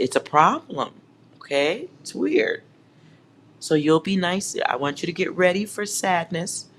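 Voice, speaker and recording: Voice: medium pitch, fairly bright tone, slight background noise. A tarot reader giving a collective reading at home, speaking straight to viewers in a teasing, sarcastic way and laughing often.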